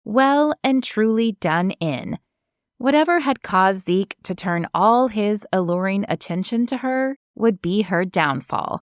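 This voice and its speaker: Slow, measured woman narrator. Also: medium pitch, lively intonation, smooth, no room sound, studio quality. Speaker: audiobook narrator. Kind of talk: scripted narration.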